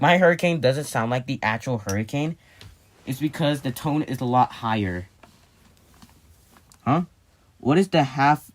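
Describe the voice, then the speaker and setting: A man in a casual vlog, explaining a hobby build in a rambling way, restarting and correcting himself as he works on it. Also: medium pitch. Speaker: hobbyist vlogger.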